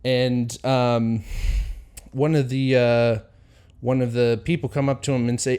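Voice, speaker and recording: A man's voice: medium pitch, fairly even intonation, a little slow, long pauses, a little mellow, smooth. A man hosting a casual solo podcast, retelling a story in a rambling way with lots of fillers and acted-out quotes. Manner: rambling, many fillers, acts out quotes with chuckles. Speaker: podcast host.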